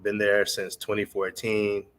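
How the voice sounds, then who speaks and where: A man from North Carolina, a podcast guest who introduces himself in a measured way with many pauses and ums. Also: lowish voice, completely flat delivery, a bit bright. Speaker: guest, adjunct professor and content developer. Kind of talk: podcast interview.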